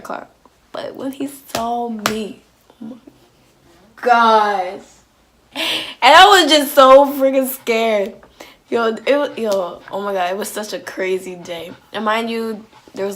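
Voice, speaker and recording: A woman telling a personal story on her vlog in an animated, slangy way, full of "like"s and restarts. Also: mid-range voice, slow pace, slight background noise. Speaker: vlogger.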